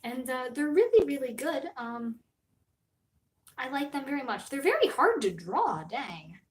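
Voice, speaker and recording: A young woman streamer telling a story in casual live-stream chat, animated, swinging between loud outbursts and soft asides. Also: high voice, a little slow, poor audio.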